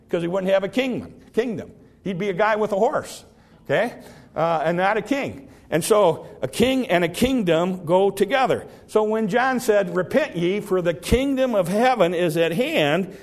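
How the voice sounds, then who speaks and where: A man preaching a folksy Bible-teaching sermon, slowing down to read scripture and often restarting his words. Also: sits high.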